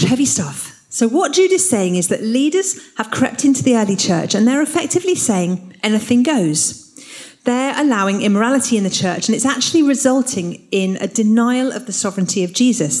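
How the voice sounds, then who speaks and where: Woman explaining bible passages, earnest, mid-pitched voice. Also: a little mellow. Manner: earnest, explanatory, reads scripture aloud. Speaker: Bible teacher. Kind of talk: Bible teaching talk.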